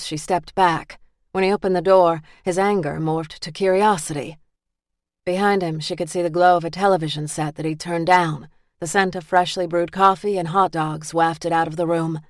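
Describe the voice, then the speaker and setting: A woman narrating an audiobook in a measured, even way, recorded in a booth. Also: fairly low pitch, dry recording, studio quality.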